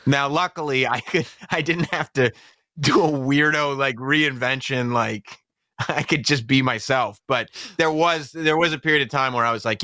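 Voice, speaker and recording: A man's voice: medium pitch, normal speed, pushed and bright, dry recording, clean studio sound. A young adult man as a podcast guest in casual chat, telling self-deprecating stories and laughing often.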